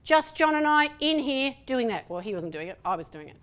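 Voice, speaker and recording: Animated Australian woman speaker. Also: high voice, brisk. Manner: chatty, animated, acts out dialogue. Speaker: conference speaker. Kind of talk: lively conference talk. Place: lecture hall.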